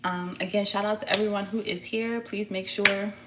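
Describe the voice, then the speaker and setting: A woman giving a casual tarot reading, talking in a blunt, profane, animated way full of slang. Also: mid-range voice, moderate pace, heavy background noise. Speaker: tarot reader.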